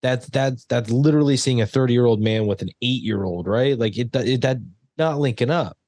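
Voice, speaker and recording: A man hosting a casual film podcast, talking in halting bursts full of fillers and restarts. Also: mid-range voice, a little mellow, no echo. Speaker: podcast host. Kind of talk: casual chat.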